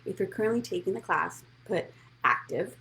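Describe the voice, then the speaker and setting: A woman's voice: mid-range voice, expressive, normal speed, pushed and bright, slight background noise. A woman hosting a casual live money show, bubbly and greeting viewers by name. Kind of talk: casual live-stream chat.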